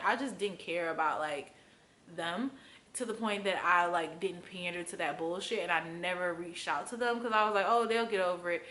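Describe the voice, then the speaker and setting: A young woman from Florida telling a candid story to camera, loose and profane, full of fillers and acted-out quotes. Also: bright, forceful tone. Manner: acts out quotes with big pitch jumps. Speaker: vlogger.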